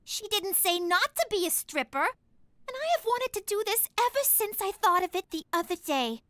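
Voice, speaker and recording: A woman voicing a spoiled, bratty teenage daughter in an animated cartoon, whiny and manipulative. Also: extremely high pitch, normal speed, dry recording, studio quality. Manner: whiny, petulant, sing-song demands. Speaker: teen daughter Teresa.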